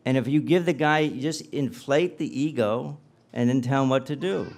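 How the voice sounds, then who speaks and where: A man's voice: medium pitch, moderate pace, a little mellow. A man giving a humorous guest lecture, telling stories animatedly and acting out dialogue with comic asides.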